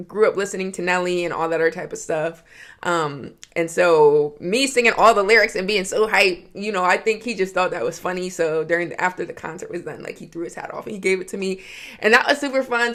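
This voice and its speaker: A young woman from Georgia tells a story on her podcast, speaking from her home office in a chatty, excitable way. Her voice sits fairly low for a woman. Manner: chatty, excitable, many "like" fillers. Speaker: podcast host. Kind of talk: casual storytelling monologue.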